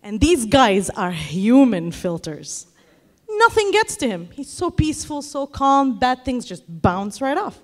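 A woman performing a stand-up comedy set on stage, telling an animated story and shouting the lines she acts out. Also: on the high side, measured pace. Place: comedy stage before a live audience.

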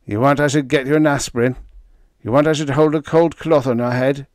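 A man's voice: a little high, very animated, moderate pace, gravelly, a bit bright, dry recording, clean studio sound, pitched above the performer's own voice, heavily acted. A man voicing a hovering male wrestling manager who talks in a solicitous, clucking way. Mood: fretful.

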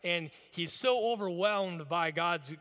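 Male pastor, bright, forceful tone, slightly higher voice, casual storytelling sermon, long church reverb. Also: slow. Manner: conversational, storytelling preaching. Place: church sanctuary.

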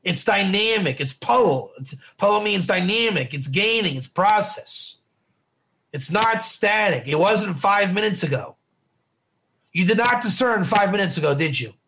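A man's voice: high-pitched, expressive, measured pace, gravelly, a bit bright. A man teaching a casual Bible study class, chatty, often repeating himself and quizzing his students. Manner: chatty, repeats words and restarts, asks the class questions. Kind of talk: informal class lecture.

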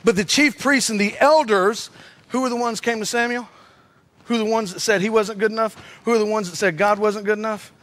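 Pastor guy, high bright voice, preaching loud and acting stuff out with sound effects. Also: fairly quick. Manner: animated, acts out scenes with shouts and sound effects. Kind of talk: energetic sermon storytelling.

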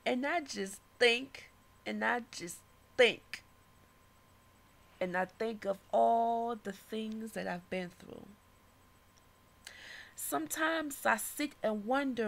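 Woman poet, spoken-word recital: slightly high, gravelly voice, preaching tone that swings between whispers and loud declarations.

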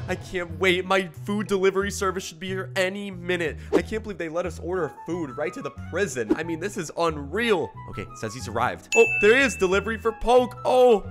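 A man commentating his own gameplay, excitable and animated, swinging between dread and delight. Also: on the high side. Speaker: gaming YouTuber. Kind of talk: gameplay commentary, reading out other players' chat in put-on voices.

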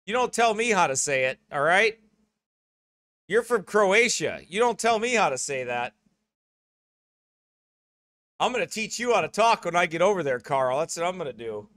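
A man's voice: sits high, very animated, normal speed, pauses often, a bit bright, no echo, clean studio sound. A middle-aged American man, a pastor, making rambling church announcements with joking asides. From United States. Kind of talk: church announcements before a sermon.

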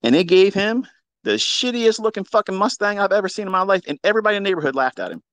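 A man telling a story in a casual monologue, profane and mocking, with sudden loud outbursts. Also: sits high, lively intonation, quick pace, no room sound. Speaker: trading educator on a live audio space.

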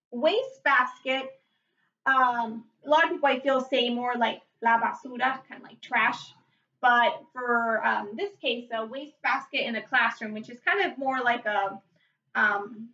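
A high-pitched woman teaching vocabulary at an unhurried pace, repeating each word and spelling it out. She sounds far from the mic in an echoey room, and the recording is dull and lo-fi. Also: sharp tone. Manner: repeats words slowly, spells and explains. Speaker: Spanish teacher. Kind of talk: slow vocabulary lesson.

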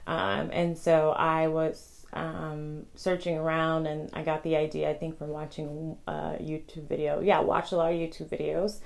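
Young female vlogger, lower register, chatty and quick, casual to-camera tips. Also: little pitch movement, gravelly. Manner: chatty, rambling, many ums and restarts; talks fast. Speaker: vlogger sharing wedding tips.

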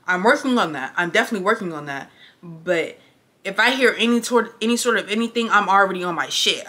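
A woman's voice: lowish voice, pushed and bright. A young woman telling a story to camera while getting ready, blunt, emphatic and full of swearing. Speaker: vlogger.

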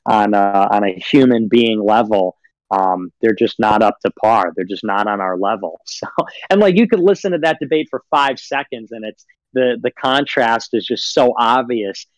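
A man's voice: fairly low pitch, normal speed, no echo, rough recording. A man in casual livestream chat, mocking and rambling with lots of fillers and frequent laughs. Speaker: livestream guest.

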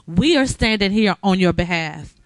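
A woman's voice: mid-range voice, lively intonation, moderate pace, dry recording. Encouraging woman presenting a graduate's award. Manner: emotional, encouraging, preacherly. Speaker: recovery center staff member giving award. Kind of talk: heartfelt address to a graduate.

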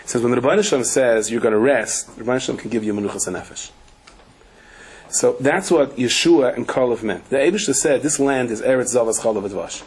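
Man, rabbi, Torah lecture, husky voice, storytelling, rhetorical questions, wry asides. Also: mid-range voice, lively intonation, fast talker, darkish tone, rough recording. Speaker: rabbi teaching a weekly Torah class. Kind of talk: Torah lecture to a live audience.

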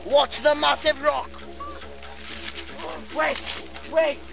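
A man playing a sidekick in a spoof nature documentary, mock-serious and melodramatic, yelling outdoors in the woods. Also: very high voice, steady tone, extremely slow, vocal fry, over music. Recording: noisy outdoor camcorder audio.

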